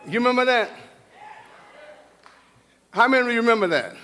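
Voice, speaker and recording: A man's voice: extremely high pitch, a little fast, pauses often, pushed and bright. A man giving an exuberant ceremony speech on stage, hollering, whooping and laughing as he talks, bursting into bits of singing. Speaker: speaker at an awards ceremony. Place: large hall on stage. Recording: large hall reverb with faint music.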